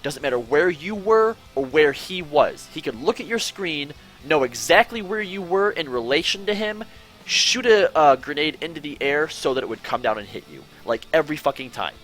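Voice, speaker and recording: Man, podcast host, casual chat, animated swings in pitch, restarts a lot, faint music behind. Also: moderate pace. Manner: animated, swearing, rambling with restarts.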